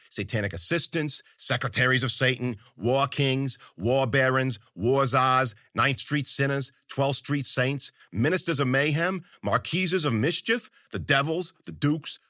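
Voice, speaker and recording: A man's voice: mid-range voice, sharp tone, no echo, clean studio sound. A man narrating a story in the first person, crude, rambling and full of profane slang.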